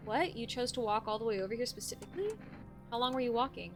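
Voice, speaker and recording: A woman streaming a game live, reacting in an animated, excitable way and chatting with viewers. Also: a little high, fast talker, soft background music.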